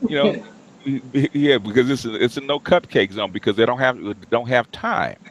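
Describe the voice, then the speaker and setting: A man's voice: medium pitch, normal speed, rough recording. A middle-aged man talking bluntly in casual chat as a host, with frequent restarts and repeated words.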